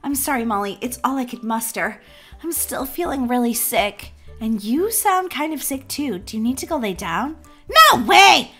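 A woman playing the mom in a playful family game roleplay, gentle and a little weary. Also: a little high, animated, moderate pace, soft background music. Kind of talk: playful roleplay over gameplay.

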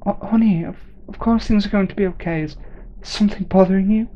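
A man voicing a worried, caring mother who fusses anxiously, in a higher voice, in a dull lo-fi recording. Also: fairly quick, a little hiss or hum, lightly acted.

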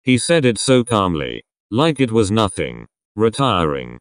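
A young man giving casual reaction commentary in a rambling, sarcastic way with quick asides. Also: on the low side, sing-song, no echo, studio quality. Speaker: reaction video host.

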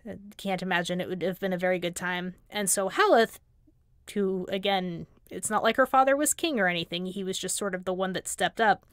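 Woman, livestream guest, animated storyteller, wry asides, dry close sound. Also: fairly low pitch, brisk, smooth, no echo. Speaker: guest lore commentator. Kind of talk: casual livestream discussion.

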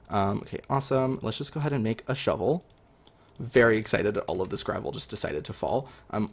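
A young man talking through his game as he plays, chatty and excitable, with lots of ums. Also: on the low side, gravelly. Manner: excitable, chatty, many fillers. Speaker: gaming video host. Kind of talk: live gameplay commentary.

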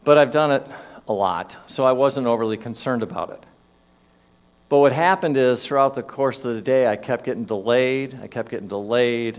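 Male minister, mid-range voice, casual story-driven sermon delivery. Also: mid-range voice. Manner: conversational storytelling, rising and falling emphasis. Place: church sanctuary.

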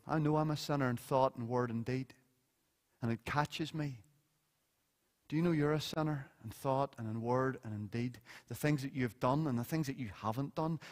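A middle-aged man with a Northern Irish accent preaching a sermon in church, animated, swinging between loud emphasis and hushed earnest tones. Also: fairly high pitch. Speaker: pastor. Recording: long church reverb.

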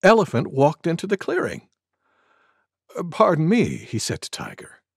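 Mister Goose, lively storyteller. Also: male voice, a little high, moderate pace, creaky, breathy edge, no room sound, full character voice. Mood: storytelling. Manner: lively, voices each animal with big sneezes. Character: gentle male goose storyteller. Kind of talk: animated storybook narration.

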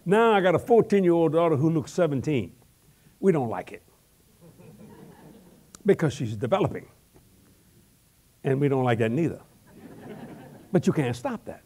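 An older male evangelist delivers a sermon full of humorous, homespun stories. His voice sits a little higher than most men's, and his telling is animated and folksy. He often doubles up words as he builds each story. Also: normal speed, pauses often. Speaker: evangelist preacher.

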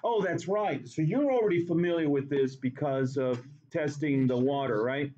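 A man's voice: fairly high pitch, moderate pace, warm tone, dull audio. A man teaching a chemistry class in a classroom, talking playfully and repeating words for emphasis. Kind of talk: classroom lecture.

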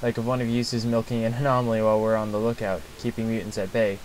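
A man voicing a swaggering male bandit boss in a game, with a low tough-guy drawl full of slang. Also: level tone, fast talker, darkish tone, a little hiss or hum, lightly acted, poor audio. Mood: menacing.

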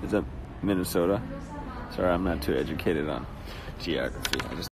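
A man's voice: sits low, brisk, crowd noise. A man hosting a casual phone livestream, rambling and joking as he greets viewers in a cafe. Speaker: livestream host. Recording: noisy phone livestream audio.

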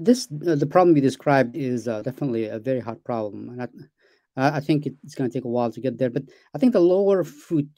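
A man hosts an interview, chatting animatedly with plenty of fillers and acting out short examples as he talks. His voice is mellow and dark-toned, recorded dry and close. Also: on the high side, dry recording. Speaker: interview host. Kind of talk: casual conversational interview.

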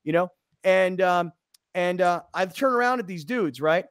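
A man hosting a sports talk radio show, telling a story in an animated, excitable way. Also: sits high, normal speed, no echo, clean studio sound.

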